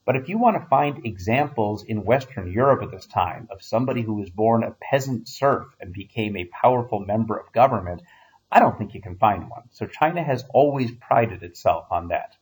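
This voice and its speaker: A man's voice: lowish voice, lively intonation, normal speed, a little mellow, poor audio. A man, a history teacher, giving a casual recorded lecture with wry asides and frequent fillers.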